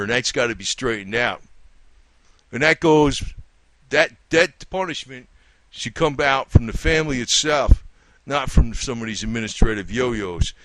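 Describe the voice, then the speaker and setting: A man's voice: medium pitch, fairly bright tone, no room sound. Indignant man ranting, profane. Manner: indignant, profane, repeats lines for emphasis; talks straight to his targets. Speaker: independent commentator. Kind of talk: ranting monologue.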